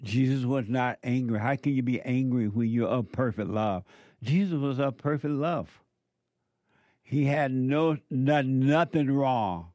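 A man's voice: mid-range voice, measured pace, dark tone, dry recording. A man preaching a sermon, emphatic and repetitive as he addresses a live audience.

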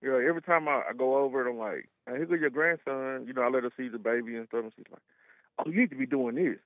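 A man's voice: mid-range voice, racing, dry recording. A man in his thirties from Texas calling into a radio show, casual and slangy, telling stories in a chatty way. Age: 30s. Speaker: caller. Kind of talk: phone-in call. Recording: tinny phone line.

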